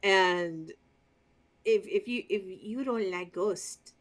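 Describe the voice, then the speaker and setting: A woman co-hosting a podcast chats casually and passionately as a devoted fan. Her voice sits at a middling pitch, and she strings her thoughts together with plenty of fillers and the occasional swear. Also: slow pace. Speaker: podcast co-host. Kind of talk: casual chat.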